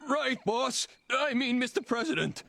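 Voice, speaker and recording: A dim-witted anime henchman with a gravelly voice. He sounds eager and bouncy and trips over his own words when he answers his boss. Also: very high voice, very animated, unhurried, loud music behind the voice, full character voice. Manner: eager and fumbling, corrects himself. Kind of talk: anime English dub acting.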